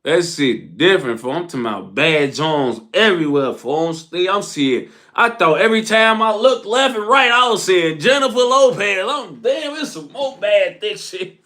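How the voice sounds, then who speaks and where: A young man telling a casual, profane storytime, animated and full of street slang, laughing and acting out what people said. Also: high-pitched, moderate pace.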